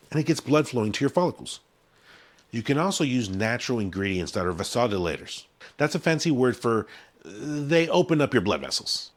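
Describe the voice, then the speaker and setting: Male explainer host, mid pitch, animated intonation, punchy casual delivery. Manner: punchy, conversational, stresses key words. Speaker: hair-care brand founder. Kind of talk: direct-to-camera explainer.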